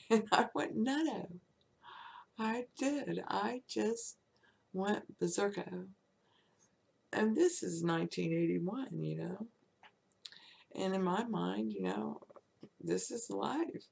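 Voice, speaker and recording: A woman's voice: fairly low pitch, vocal fry, a little mellow, slightly rough. A woman in her sixties telling a frank story from her own life, laughing often as she goes. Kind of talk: casual personal storytelling.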